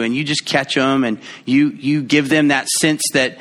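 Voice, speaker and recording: A man preaching a sermon in a conversational, playful way, acting out quoted voices with big jumps in pitch. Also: steady tone, normal speed, sharp tone. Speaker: pastor.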